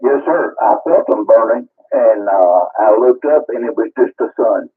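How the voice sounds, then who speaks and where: A man doing a husky low voice over tinny radio. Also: moderate pace. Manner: easygoing, joking. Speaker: caller on ham radio net. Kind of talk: casual radio chat.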